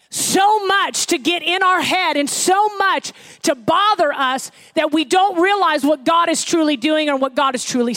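A woman pastor preaching a sermon, animated, acting out the voices she quotes. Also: high voice.

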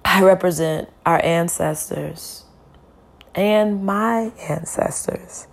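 Slow, weary woman speaking a lament. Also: on the low side, creaky, slight background noise. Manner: slow, heavy, deliberate lament. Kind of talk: spoken-word reflection.

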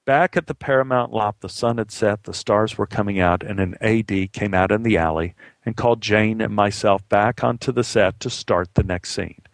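Male storyteller, vivid dramatic telling, gravelly voice, dry close sound. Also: fairly low pitch, moderate pace, dry recording. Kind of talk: spoken personal storytelling.

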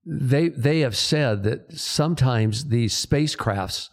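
A man's voice: medium pitch, animated, takes it slowly. A man, a pastor, hosting a casual church chat and telling stories with a chuckle. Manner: storytelling, chuckling, with restarts.

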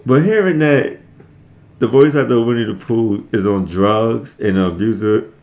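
A man's voice: mid-range voice, normal speed, a little mellow. A man in his thirties co-hosting a podcast, laid-back and wry in casual chat. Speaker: podcast co-host.

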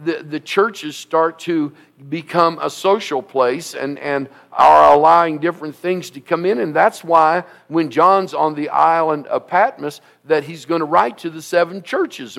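A man preaching a sermon as pastor, emphatic and repetitive, rising at times to shouts. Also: on the high side, gravelly.

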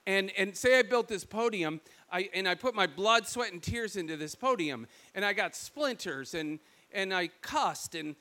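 High bright-voiced Michigan preacher. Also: male voice, normal speed. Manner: animated storytelling, acts out quoted voices. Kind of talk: sermon.

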